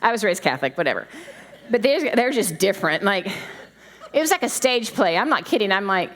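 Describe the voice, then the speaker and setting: A middle-aged woman preaching a sermon in a conversational, animated way with laughing asides. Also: medium pitch, brisk. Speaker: pastor's wife preaching.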